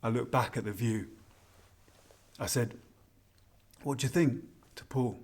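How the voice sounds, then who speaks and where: A wistful, husky-voiced husband. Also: male voice, medium pitch, a little slow, darkish tone. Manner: intimate, confiding, rambling reminiscence. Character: a husband toasting his wife, wistful and self-mocking. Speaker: narrator of a spoken monologue. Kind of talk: scripted dramatic monologue.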